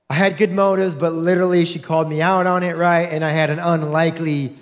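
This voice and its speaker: High-voiced earnest male pastor. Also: little pitch movement, fast, few pauses. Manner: earnest, conversational, acts out quotes in his storytelling. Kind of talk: sermon with opening prayer.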